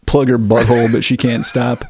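A man co-hosting a podcast, joking around in quick casual banter. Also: mid-range voice, level tone, gravelly, a little mellow, slightly rough, no room sound. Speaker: podcast co-host. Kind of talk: casual chat.

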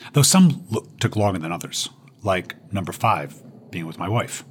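A man's voice: low-pitched, lively intonation, moderate pace, husky. A man, a guest on an interview show, telling a personal story with self-deprecating humor and punchlines.

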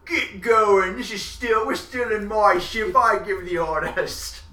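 Excitable bright-voiced man playing a tabletop game. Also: high voice, slow, reverberant. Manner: excitable, shouts in character. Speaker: player.

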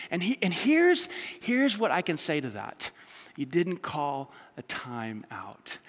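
A male pastor preaching a sermon, shifting between loud emphatic lines and quiet, low ones. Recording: long reverb of a large hall.

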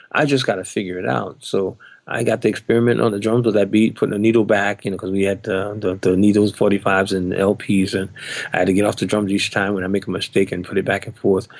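Older guy, drummer, telling a story on a podcast, gravelly voice, does everybody's voices, dry sound. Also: lowish voice, no room sound. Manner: animated, acts out other people's lines in his story. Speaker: drummer telling of his audition.

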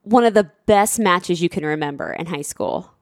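A woman's voice: fairly low pitch, moderate pace, dry recording, studio quality. A woman co-hosting an interview, chatty and sympathetic to her guest. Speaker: co-host. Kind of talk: casual interview chat.

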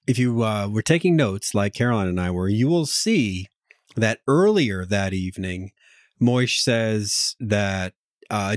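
A man co-hosting a casual TV recap podcast, talking in a measured, explanatory way. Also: lowish voice, expressive, no room sound, clean studio sound. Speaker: podcast co-host.

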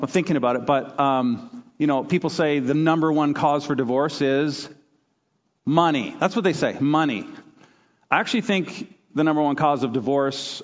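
Animated pastor preaching in a reverberant hall. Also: male voice, on the high side, highs cut off. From Canada. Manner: animated storytelling, acts out quoted voices. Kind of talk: sermon.

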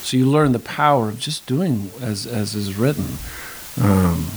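A man's voice: on the low side, expressive, measured pace, a little hiss or hum, rough recording. A man in his fifties, an actor, talking casually in an interview, rambling with lots of restarts and asides. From United States. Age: 50s. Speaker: actor guest.

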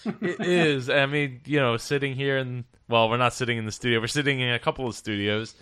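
A man's voice: mid-range voice, a little fast, a bit bright, clean tone, no echo, clean studio sound. A man hosting a podcast over a remote call, chatting in an upbeat, rambling way with lots of restarts. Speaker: podcast host. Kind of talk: casual interview chat. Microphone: remote call setup.

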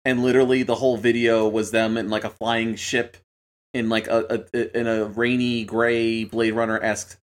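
A man's voice: medium pitch, level tone, normal speed. A man co-hosting a casual gaming chat, musing enthusiastically with lots of fillers. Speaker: podcast co-host.

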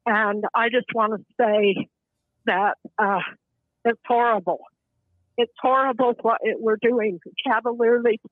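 A woman in her seventies calling in to a show, speaking in a halting, impassioned way with bursts of anger. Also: fairly high pitch, steady tone, dry recording. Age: 70s. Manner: halting, impassioned, angry outbursts. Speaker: caller. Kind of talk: emotional call-in testimony. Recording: tinny phone line.

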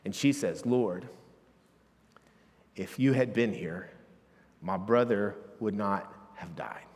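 A man's voice: lowish voice, slow, a little mellow. A man preaching a sermon, explaining a Bible passage in a conversational way and building to emphatic preaching. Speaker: pastor. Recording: long hall reverb.

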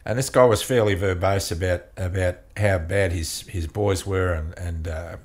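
A man, a couples counselor, telling a long story in an interview, often halting and repeating words. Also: low-pitched, fairly even intonation.

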